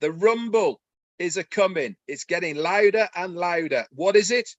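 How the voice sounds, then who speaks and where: A man talks on a webinar with high-pitched, eager energy. His voice is dry and close, with no room sound, and he pushes his points with folksy, persuasive enthusiasm. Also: animated, normal speed, dry recording, lo-fi sound. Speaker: webinar co-presenter. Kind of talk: enthusiastic promotional webinar talk.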